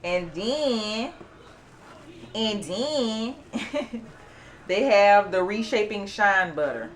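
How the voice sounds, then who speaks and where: A woman's voice: medium pitch, drawn-out words. Chatty woman. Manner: chatty, animated, excited squeals and laughs. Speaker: beauty vlogger. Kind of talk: casual unboxing chat.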